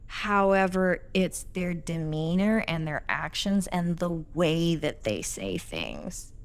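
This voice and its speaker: A woman's voice: on the low side, lively intonation, slow pace, clear, resonant tone. Earnest woman talking about work. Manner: earnest, reflective, quotes others in acted tones. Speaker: podcast guest, employee. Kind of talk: casual podcast conversation.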